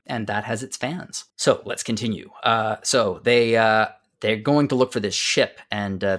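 A man hosting a casual podcast, recapping a game's story with lots of fillers and restarts, dropping to quiet asides. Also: lowish voice. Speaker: podcast host.

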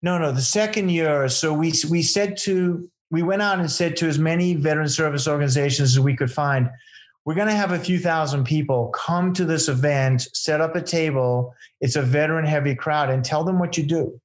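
A man's voice: on the high side, moderate pace. Earnest man telling a long story. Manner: earnest, rambling, many fillers and restarts. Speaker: event founder telling stories to a host. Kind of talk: casual storytelling in an interview.

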